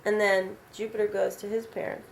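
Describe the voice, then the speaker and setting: Woman telling a vampire story off the cuff, animated, rambly, lots of fillers, faint noise behind. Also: mid-range voice, brisk, vocal fry. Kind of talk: casual oral storytelling.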